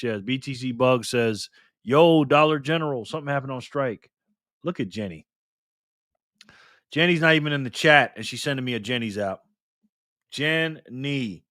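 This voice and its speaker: A man's voice: mid-range voice, fairly bright tone, no echo, studio quality. A man hosting a casual live stream, reading out the chat, greeting viewers by name and laughing often.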